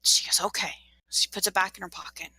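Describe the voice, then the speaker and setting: Woman game master narrating a ghost story; bright, dry, dramatic. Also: lowish voice, steady tone, fast talker, husky, dry recording, rough recording. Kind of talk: storytelling in a tabletop game session.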